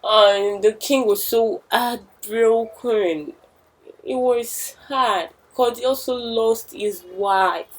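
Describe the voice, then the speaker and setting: A woman's voice: on the high side, takes it slowly, rough recording. A young woman telling a village story with chatty asides to the listener. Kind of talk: oral storytelling.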